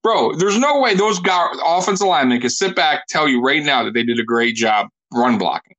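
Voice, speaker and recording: Blunt man talking sports, high and lively. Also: a little fast, dull audio. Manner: blunt, emphatic, says "bro" a lot. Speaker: podcast host. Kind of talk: casual sports chat.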